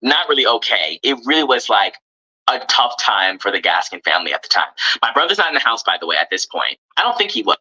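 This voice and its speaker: A man's voice: mid-range voice, sing-song, quick pace, bright, forceful tone, slightly rough, poor audio. Earnest man telling a personal story. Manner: earnest, open, hesitant. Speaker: guest telling his story.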